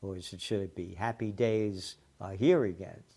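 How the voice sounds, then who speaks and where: A man's voice: low voice, normal speed, mellow. A man hosting an opinionated news commentary show, blunt and sarcastic, with profane heated outbursts. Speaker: host of a trends commentary show.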